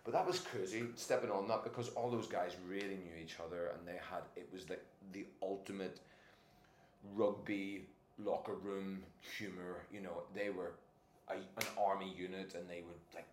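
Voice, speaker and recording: A man, an actor and podcast guest, telling casual anecdotes in an animated way, laughing often and restarting his sentences. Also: sits low, moderate pace. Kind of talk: casual anecdotal interview chat. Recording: echoey room with faint noise.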